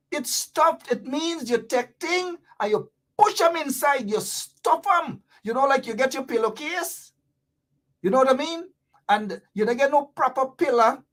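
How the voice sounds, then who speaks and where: A woman's voice: sits high, expressive, unhurried. A woman with a Guyanese accent, talking to viewers in a livestream about politics and playfully teaching local Creole phrases. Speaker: political commentator.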